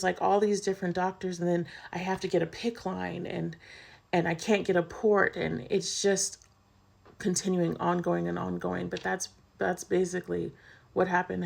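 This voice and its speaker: A woman's voice: fairly low pitch, flat delivery, normal speed, creaky. A woman vlogger candidly telling a personal story in a casual, chatty way, full of "like".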